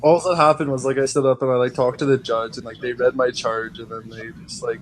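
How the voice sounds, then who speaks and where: A man's voice: medium pitch, flat delivery, quick pace, slight background noise, rough recording. Young man, podcast guest, rambling storyteller, filler-heavy, casual. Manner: rambling, heavy use of "like", laughs while telling. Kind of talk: casual chat.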